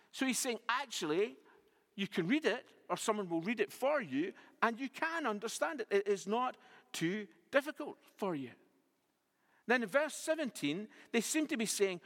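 A man's voice: sits high, very animated, moderate pace, fairly bright tone, big-room sound. A man preaching a sermon, explaining a Bible passage verse by verse and asking rhetorical questions.

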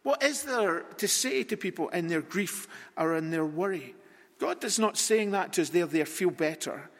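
Male preacher with a high voice, unhurried and deliberate; long reverb of a large church hall. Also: animated, a bit bright. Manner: deliberate, repetitive rhetorical preaching with long pauses. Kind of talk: sermon. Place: church sanctuary.

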